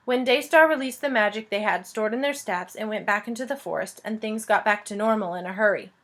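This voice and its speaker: A woman reading a children's fantasy book aloud in a lively, expressive way. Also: medium pitch, fairly quick. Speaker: reader. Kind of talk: storybook read-aloud narration.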